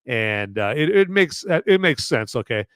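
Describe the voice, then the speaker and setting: A man's voice: mid-range voice, very animated, normal speed, fairly bright tone, clear, resonant tone, dry recording, clean studio sound. A man hosting a podcast, giving a casual movie and beer review, rambling with lots of fillers and asking "okay?" often. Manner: rambling with many fillers and okays. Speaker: podcast host.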